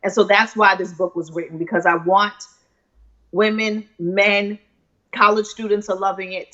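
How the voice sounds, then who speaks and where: A woman's voice: mid-range voice, fairly bright tone, highs cut off. A woman author being interviewed on a live video show, speaking in a confident, persuasive, motivational way.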